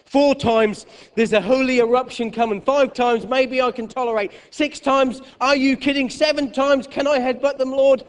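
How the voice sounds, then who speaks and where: A man voicing an exasperated male disciple who gets more agitated with each count, in a high, loud voice. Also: steady tone, moderate pace, few pauses, clear, resonant tone, long reverb tail. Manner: escalating, comically agitated, much higher and louder.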